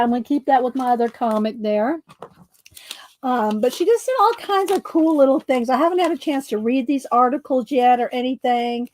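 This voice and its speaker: A woman's voice: high-pitched, moderate pace, a little mellow. A woman hosts a casual art livestream, chatting in a rambling way and laughing often. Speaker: art channel host.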